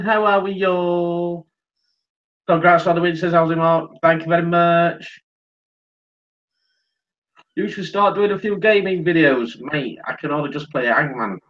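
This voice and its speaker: A high-pitched man runs a casual live stream, chatty and apologetic as he greets viewers by name. He has had a few drinks. The sound is dull and lo-fi. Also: fairly even intonation, a little slow.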